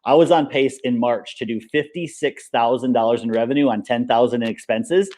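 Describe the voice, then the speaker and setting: A man being interviewed in a relaxed chat, talking in an upbeat, rambling way, full of fillers. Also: mid-range voice, fairly quick. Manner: rambling and upbeat, many fillers like "like" and "you know". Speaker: interview guest, paintball coach and business owner.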